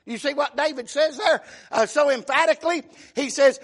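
High-voiced, bright preacher man. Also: expressive, a little fast, hardly any pauses. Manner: emphatic preaching, calls of amen, shouted peaks. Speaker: pastor. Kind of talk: sermon.

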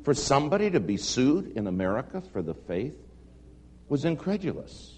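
A man telling a humorous personal story to a live audience, animated and self-deprecating. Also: medium pitch, normal speed. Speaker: speaker addressing an audience. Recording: long hall reverb, faint hum.

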